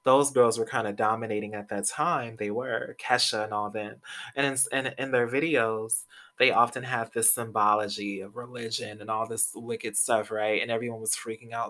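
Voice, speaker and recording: Young male podcast host, crisp bright voice, mid-range pitch, loose gossipy commentary with plenty of swearing. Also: normal speed. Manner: chatty, gossipy, swears freely, laughs often. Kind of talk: casual pop-culture commentary.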